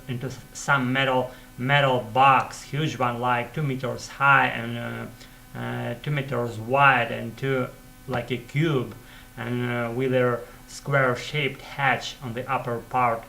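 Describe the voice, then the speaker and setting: A man with a Russian accent, a non-native English speaker, haltingly tells a childhood story with many restarts and fillers. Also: mid-range voice. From former Soviet Union. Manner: halting, many restarts and fillers, grows louder when excited. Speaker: English learner telling a story. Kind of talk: casual spoken storytelling.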